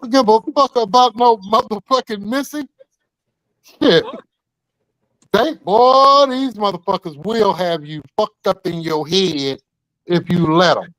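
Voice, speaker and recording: A man's voice: high-pitched, measured pace, a bit bright, no room sound, poor audio. An older man co-hosting a talk show, telling stories in a blunt, profane, joking way. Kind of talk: casual banter.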